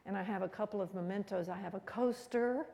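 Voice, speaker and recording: A woman's voice: mid-range voice, a little fast, creaky, mellow, big-room sound. A woman giving a conversational, rambling history talk as a guest speaker in a museum room.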